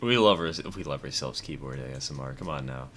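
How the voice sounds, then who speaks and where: A man with a deep voice chatting casually on a live game stream, rambling, self-mocking and laughing often. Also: animated, brisk, a bit bright, a little hiss or hum. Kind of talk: casual live-stream chat while playing.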